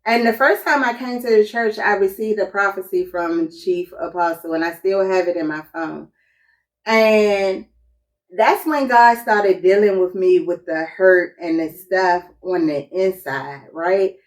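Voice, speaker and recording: A woman telling a personal story in a casual testimony chat, animated and acting out quotes. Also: medium pitch, a little slow, recorded from a distance.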